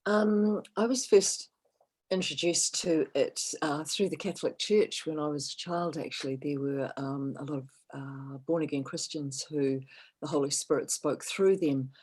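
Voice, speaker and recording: A woman healer telling a personal story in casual podcast chat, animated when she quotes others and dropping softer at times. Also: sits low, measured pace, breathy edge.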